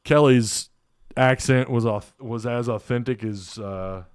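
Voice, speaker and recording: A man hosts a relaxed live stream, answering chat with jokes and frequent chuckles. His voice is smooth and clear, and the sound is close and dry with no room echo. He speaks at an average pitch. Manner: laughing, joking, thinking aloud. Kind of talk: casual live stream chat reading comments.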